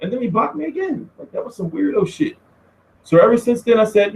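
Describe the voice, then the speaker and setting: A man's voice: high-pitched, a little fast, vocal fry. A man hosting a boxing vlog, telling stories in a casual, profane, slangy way with frequent laughter. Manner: animated, laughing, slangy storytelling. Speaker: boxing media vlogger. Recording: roomy echo.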